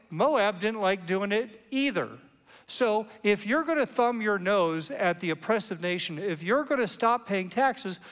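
Animated high-voiced preacher in a reverberant hall. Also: male voice, clean tone. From United States. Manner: animated, conversational preaching with playful asides. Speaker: pastor. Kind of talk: sermon.

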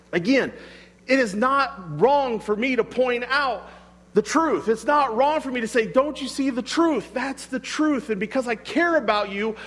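Male preacher with a high voice, conversational sermon delivery, recorded in a long-reverb hall. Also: fairly bright tone. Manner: conversational, emphatic, rhetorical questions. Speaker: pastor.

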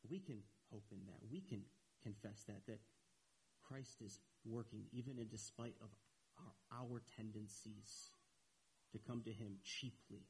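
A man delivers an earnest sermon in a strongly husky, breathy voice. He leans on repetition to drive his points home, and his pitch climbs when he gets animated. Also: unhurried, rough recording. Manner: earnest, repeats phrases for emphasis, rises in pitch when animated. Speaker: preacher.

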